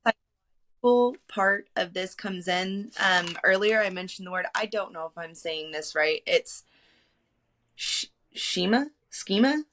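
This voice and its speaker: A woman guest on a casual podcast speaks in a somewhat low voice. She sounds hesitant and unsure of herself, and her sentences often trail off. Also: measured pace, fairly bright tone.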